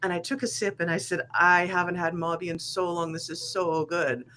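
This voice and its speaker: A woman tells a lively anecdote as a guest, chatty and animated. There is a faint noise underneath her voice. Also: fairly low pitch, a little fast. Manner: chatty, lively, laughing now and then. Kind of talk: casual storytelling.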